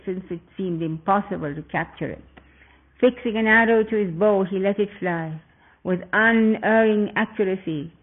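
A man narrating an epic tale in a measured, earnest way. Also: high voice. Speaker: storyteller. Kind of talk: scripted narration. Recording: tinny phone-like sound.

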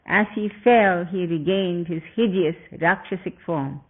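High-voiced male storyteller, phone-like sound. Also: slightly rough. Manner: measured, earnest retelling. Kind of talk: scripted narration.

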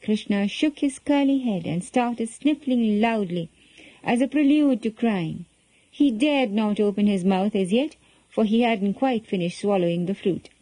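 Warm-voiced woman telling a children's story. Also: mid-range voice, a little slow, dry recording, low-quality recording. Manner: gentle, expressive storytelling.

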